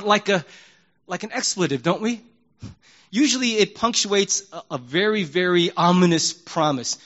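A man preaching a sermon as a pastor, animated and emphatic, moving between loud and hushed delivery in a candid, conversational way. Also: high-pitched, moderate pace, dull audio. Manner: conversational and candid, acts out prayers in his own voice.

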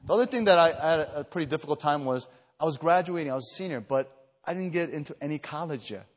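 A man from the Chicago area preaching an evening retreat sermon, earnest and emphatic, telling personal stories with many fillers and restarts, and growing louder and higher when stirred. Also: expressive, quick pace. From Chicago area, USA. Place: retreat meeting hall. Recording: echoey hall reverb.

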